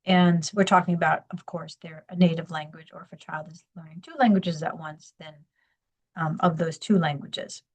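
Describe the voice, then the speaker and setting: A woman's voice: low voice, steady tone, normal speed. A woman giving a recorded lecture over slides, explaining step by step and often checking in with "okay?" and "right?". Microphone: screen recording on a computer mic.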